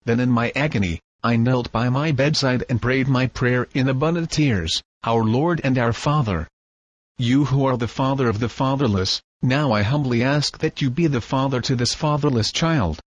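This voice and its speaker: A man reading the part of a grieving, tender old grandfather in a storybook, husky and solemn. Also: medium pitch, moderate pace, no room sound, lo-fi sound, close to an everyday voice. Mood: sorrowful.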